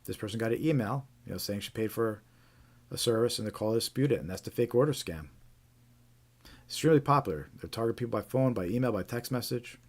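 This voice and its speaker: A man's voice: on the low side, lively intonation, fast talker. A man hosting a live stream, casually reading out reports with frequent fillers and restarts. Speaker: host.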